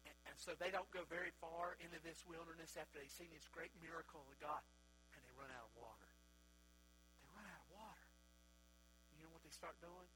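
A pastor preaching a sermon, swinging between loud exhortation and hushed asides, with folksy questions to the congregation. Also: male voice, a little high, a little hiss or hum, poor audio. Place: church service.

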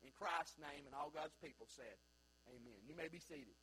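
A man preaching a sermon in a church, swinging from loud, high bursts down to low, quiet stretches. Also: normal speed, slight background noise, rough recording. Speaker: pastor. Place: church sanctuary.

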